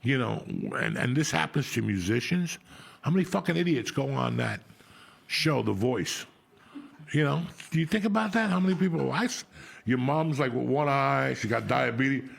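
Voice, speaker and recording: A man's voice: medium pitch, animated, moderate pace, creaky. A middle-aged man from New Jersey hosting a podcast, telling rambling, profane stories in casual chat. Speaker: podcast host.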